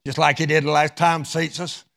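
A male preacher telling a parable as a sermon, his voice swinging from loud to hushed. His tone sits fairly high, with a strong gravelly fry. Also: flat delivery, moderate pace. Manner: dramatic, wide swings in loudness. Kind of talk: storytelling sermon.

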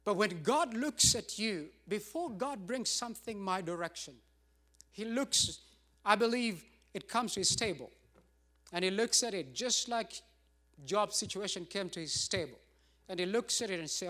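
A man's voice: high voice, lively intonation, moderate pace, pushed and bright. A middle-aged man pastor preaching a sermon, emphatic and repetitive, with rising bursts.

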